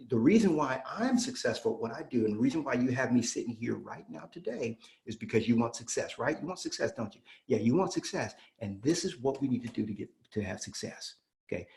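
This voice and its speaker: A man leading an energetic sales training, speaking emphatically like a preacher, repeating his key lines and acting out both sides of client conversations. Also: mid-range voice. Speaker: real estate sales trainer. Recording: roomy echo.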